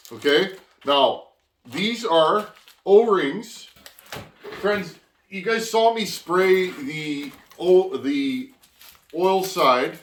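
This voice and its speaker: A man's voice: fairly high pitch, recorded from a distance. A man from Canada hosts his chainsaw channel, chatting to viewers as he opens parcels and doubling back on his words as he goes. His voice carries an echo from a roomy workshop. He stands a little way from the mic, and faint noise sits underneath. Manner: rambling, restarts, addresses viewers as friends. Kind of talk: casual vlog, opening mail.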